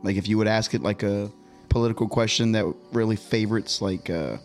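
A man's voice: fairly low pitch, a little fast, soft background music. A man co-hosting a casual podcast chat who talks in a rambling way. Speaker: podcast co-host.

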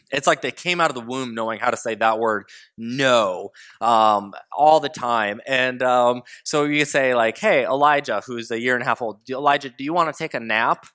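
Conversational young dad giving a sermon. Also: male voice, mid-range voice, normal speed, bright, forceful tone, clean tone. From United States. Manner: conversational storytelling, mimics his toddlers.

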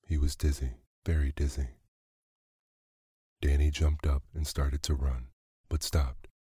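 A man reads a children's story aloud in a calm, unhurried bedtime manner. His voice is extremely low and dark with a husky, breathy grain, and the recording is dry and close. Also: no echo. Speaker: narrator.

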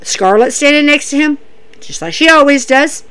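A woman casually recapping wrestling events, animated, dropping her voice to act out what the wrestlers say. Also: normal speed. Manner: animated, acts out wrestlers' lines in a lowered voice.

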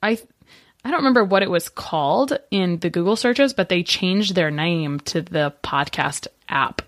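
A woman hosts a podcast interview in a chatty, playfully teasing way. Her voice sits a little low for a woman. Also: normal speed. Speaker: podcast host. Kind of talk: casual interview chat.

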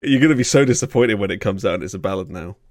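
A man's voice: sits low, animated, rapid-fire, a little mellow, no room sound, clean studio sound. A British man hosting a podcast, chatting in a sardonic way and laughing often. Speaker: podcast host. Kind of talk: casual podcast chat.

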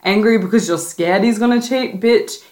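A woman's voice: mid-range voice, moderate pace, darkish tone. A young woman hosting a casual advice podcast, talking bluntly and playfully, with plenty of swearing and sass. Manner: blunt, sassy, profane, playful. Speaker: podcast host.

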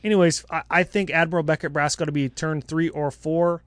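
A man co-hosting a casual podcast, talking card-game strategy in an animated way with quick jokes. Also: fairly high pitch, no echo. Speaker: podcast co-host.

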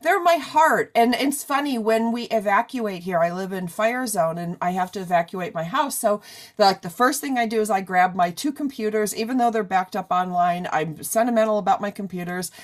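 A woman's voice: medium pitch, moderate pace. A middle-aged woman hosting an interview in a chatty, rambling way, full of "you know". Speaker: radio interview host. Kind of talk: casual chat.

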